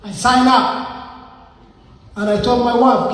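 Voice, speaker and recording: A man's voice: extremely high pitch, fairly even intonation, slow, a bit bright. A man in his forties with a Somali accent, giving an earnest testimonial in short, simple sentences. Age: 40s. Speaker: network marketing speaker. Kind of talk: testimonial speech. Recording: echoey hall, far from the mic.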